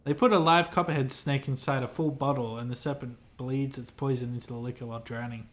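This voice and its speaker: A man's voice: mid-range voice, fairly even intonation, fairly quick, natural voice. A man voicing a pompous, self-important male hotel clerk in a game, reading the lines aloud in a formal, fussy, theatrical manner.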